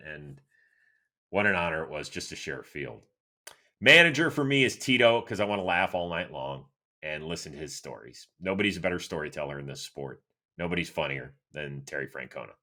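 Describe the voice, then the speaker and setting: A middle-aged man hosts a solo sports podcast, reading out listener questions and spinning stories. His voice sits low yet comes across bright and forceful. His pitch swings widely as he talks. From Cleveland, Ohio, USA. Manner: animated, chatty storyteller with lively swings in pitch. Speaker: host.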